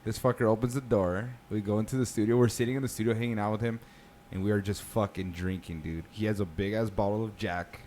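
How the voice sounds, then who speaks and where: A man's voice: on the low side, steady tone, fast talker, darkish tone, slight background noise. A man, co-hosting a podcast and telling a rowdy story in casual, profane chat. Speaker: podcast co-host.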